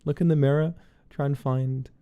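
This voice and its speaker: A man's voice: mid-range voice, fairly even intonation, normal speed, warm tone, clean tone. A man hosting a stream, chatting and musing over a film as he watches it. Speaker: streamer host. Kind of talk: casual film watch-along commentary.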